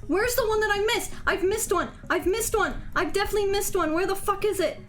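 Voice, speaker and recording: High-pitched female game streamer; casual, excitable, foul-mouthed live commentary. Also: fairly quick, soft background music. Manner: excitable, swears freely.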